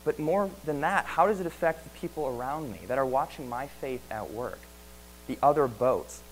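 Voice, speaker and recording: A man's voice: medium pitch, lively intonation, normal speed, slight background noise, poor audio. A man preaching a sermon in an earnest way, asking many rhetorical questions and often repeating words.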